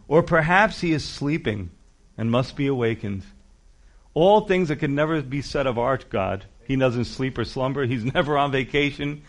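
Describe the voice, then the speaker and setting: A male pastor preaching a sermon with emphatic, animated delivery and conversational asides. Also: mid-range voice, moderate pace.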